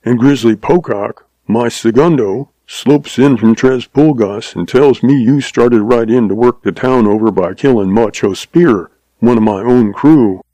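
A man's voice: medium pitch, measured pace, hardly any pauses, dark tone, dry recording, lightly acted, poor audio. A man voicing a grumpy, irritable old one-legged rancher who growls and snaps his words in a western drawl. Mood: grumbling. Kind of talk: audiobook character voice.

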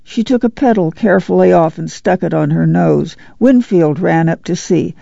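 Gravelly audiobook narrator. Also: medium pitch, no room sound, highs cut off. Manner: steady, measured reading.

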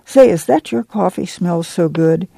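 A man's voice: sits high, lively intonation, unhurried, creaky, dark tone, dry recording, heavily acted. A man voicing a lean, friendly camp manager who talks in an easygoing, plainspoken way. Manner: easygoing, plainspoken folksy talk.

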